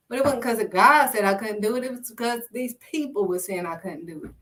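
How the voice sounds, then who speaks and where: A woman's voice: medium pitch, moderate pace, fairly bright tone, distant mic. A woman preaching informally in an emphatic, repetitive, conversational way. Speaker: faith video host.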